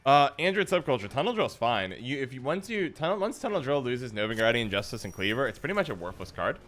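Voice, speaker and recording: A man's voice: mid-range voice, big pitch swings, fast talker, fairly bright tone. A man streaming a card game, chatting playfully with his viewers and teasing opponents as he plays. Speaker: gaming streamer. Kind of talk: live card game commentary.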